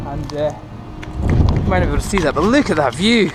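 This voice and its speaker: A man's voice: a little high, lively intonation, quick pace, over loud music. A man in his thirties chatting casually while jogging outdoors, a bit breathless and rambling, filming himself on a camera. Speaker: running vlogger. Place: outdoors on paths near a city. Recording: outdoor noise, planes and traffic. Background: traffic and aircraft noise.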